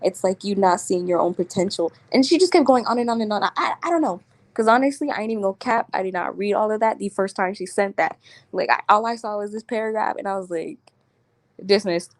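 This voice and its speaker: A woman's voice: mid-range voice, expressive, fast talker, dry recording. A woman vlogging at home, telling a story in slangy casual chat and laughing often as she talks. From Florida.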